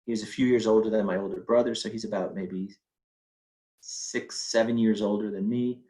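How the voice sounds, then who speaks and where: A man's voice: lowish voice, steady tone, normal speed, dark tone, rough recording. A middle-aged man telling a personal family story in a conversational way, with fillers and quoted speech.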